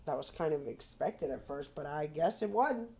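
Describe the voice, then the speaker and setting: Brief: middle-aged woman, low-pitched, blunt and candid, casual guest chat. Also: lively intonation, moderate pace, a crowd in the background. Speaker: podcast guest.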